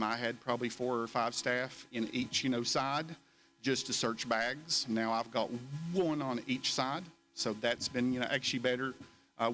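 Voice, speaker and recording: A man of middle pitch gives a school safety report at a board meeting. His delivery is halting, full of "you know" and restarts. Faint music sits under the recording. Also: fairly bright tone. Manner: halting, many fillers and restarts. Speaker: school principal.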